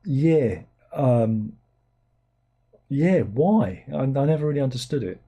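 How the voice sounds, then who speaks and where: Man, livestream host, casual rambling chat, sardonic, mellow, slightly husky. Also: expressive, slow pace. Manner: rambling, sardonic, with incredulous high-pitched outbursts.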